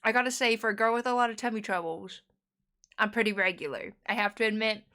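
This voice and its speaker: A woman's voice: mid-range voice, fast talker, pushed and bright. Giggly, chatty American woman. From United States. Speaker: streamer. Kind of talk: casual chat.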